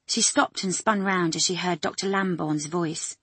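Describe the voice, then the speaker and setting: Husky-voiced woman narrating an audiobook. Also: on the low side, moderate pace, hardly any pauses, a bit bright, dry recording.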